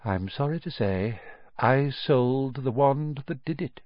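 A man voicing an eccentric, soft-spoken old male wandmaker who can turn stern and sharp, in a storybook reading. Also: mid-range voice, huge pitch swings, measured pace, breathy edge, no room sound, lo-fi sound, voice pushed up, exaggerated voice. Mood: musing.

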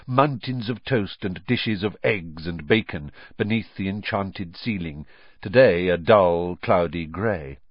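A man reading a children's novel aloud as audiobook narrator, with expressive storytelling. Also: on the low side, no room sound. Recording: dry, dull lo-fi recording.

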